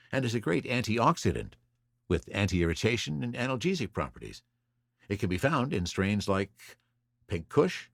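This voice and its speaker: A man's voice: fairly low pitch, gravelly, dry recording, studio quality. A man hosting a solo podcast, reading through notes in an informative, list-like way. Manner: reads from notes, lively listing. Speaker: podcast host.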